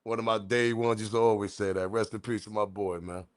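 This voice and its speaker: A man giving casual, animated livestream commentary, repeating himself, swearing and chuckling. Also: on the low side, brisk, clean tone. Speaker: online news commentator.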